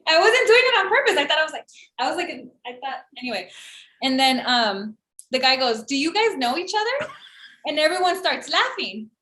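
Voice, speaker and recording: Podcast co-host, woman in her 30s, high-ish voice, sarcastic storyteller, roomy echo. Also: fairly quick. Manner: animated storytelling, acts out quoted voices, sarcastic. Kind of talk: casual chat. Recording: echoey room.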